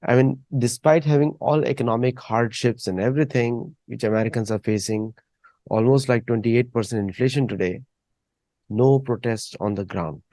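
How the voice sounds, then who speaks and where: A man's voice: mid-range voice, normal speed, dark tone, no echo. Guy hosting, rambles n restarts a lot, dry close mic. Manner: rambling, repeats words while thinking. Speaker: host. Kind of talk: casual discussion.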